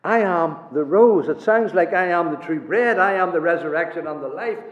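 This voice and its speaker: A man preaching a sermon with passion, swinging between soaring lines and hushed ones. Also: on the high side, animated, normal speed. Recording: echoey hall, dull lo-fi sound.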